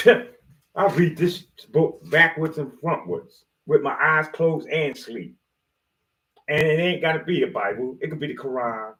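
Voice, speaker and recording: A man's voice: fairly high pitch, unhurried, fairly bright tone. A man giving a rambling motivational monologue, preachy and slangy, with loose jokes and swearing. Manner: slangy, street-style talk. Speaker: motivational video host.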